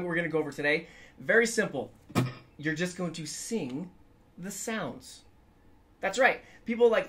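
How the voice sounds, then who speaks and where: A man's voice: high-pitched, a bit bright. A man giving a casual guitar lesson in an upbeat, chatty way, now and then singing notes to show the method. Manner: upbeat, chatty, sings scales to demonstrate. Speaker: guitar teacher.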